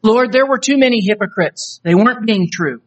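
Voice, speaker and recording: A man's voice: sits high, a little fast, pitched above the performer's own voice. A man voicing a young man who has just died, begging tearfully and stammering to be let into heaven. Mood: desperate pleading. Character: young man newly dead, desperately pleading at heaven's gate.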